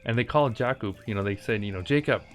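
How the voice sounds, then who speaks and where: A man with a fairly low voice talks his way through a game, drifting between a long story and quick reactions to what's on screen. His delivery is loose and chatty, with laughs and asides, and faint game music plays underneath. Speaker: gaming channel host. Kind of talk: casual gameplay commentary with storytelling.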